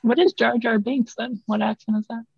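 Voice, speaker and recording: A woman co-hosting a casual podcast, curious and quick to ask questions, on a dull lo-fi mic. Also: fairly high pitch, fairly even intonation, vocal fry, breathy edge, dry recording. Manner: curious, asks questions, laughs easily. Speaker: podcast co-host.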